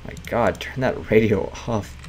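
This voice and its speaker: A man's voice: lowish voice, a little slow, slight background noise. A man casually commenting while playing a management game, chatty and often laughing, reading game text aloud. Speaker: gaming writer streaming a game. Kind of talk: casual let's-play commentary.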